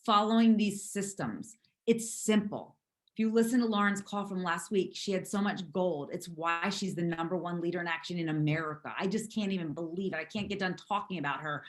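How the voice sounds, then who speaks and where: Hoarse, emphatic woman leading a team call. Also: medium pitch. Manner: emphatic, repetitive, preachy. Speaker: network marketing team leader.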